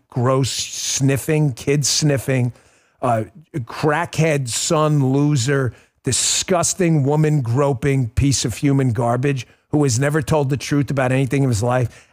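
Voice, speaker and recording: A middle-aged man hosting a political talk show, ranting bluntly and piling up insults in quick emphatic lists. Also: medium pitch. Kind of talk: heated political commentary.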